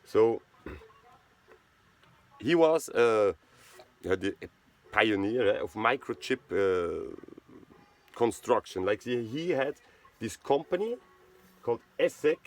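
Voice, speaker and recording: A man's voice: mid-range voice, lively intonation, slow, long pauses. Swiss german accent guy just talking on and on, keeps saying right?, repeats himself a lot. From Switzerland. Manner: rambling, repeats words, asks "right?". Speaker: channel host. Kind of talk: casual monologue.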